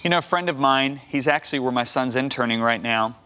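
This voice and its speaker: A man in his sixties, guest minister on a TV talk show, acts out quoted voices while telling his testimony with vigor from the studio set. His mid-range voice is fast, bright, forceful, and clean.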